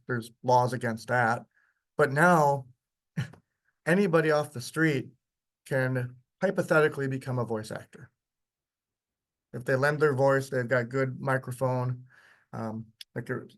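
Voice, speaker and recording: A man teaching a workshop, walking through software in a casual, chatty way with frequent ums. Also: medium pitch. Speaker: workshop instructor. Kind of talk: live software demonstration lecture.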